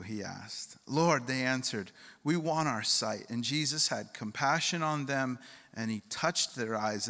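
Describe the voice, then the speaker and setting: Bright-voiced preacher in a reverberant hall. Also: male voice, mid-range voice. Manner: conversational preaching, asks the crowd questions. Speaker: pastor. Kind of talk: sermon.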